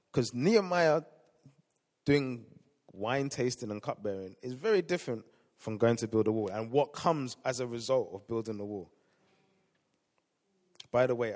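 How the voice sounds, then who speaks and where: A male pastor preaching a sermon, swinging between loud emphatic lines and quiet asides. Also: mid-range voice. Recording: long hall reverb.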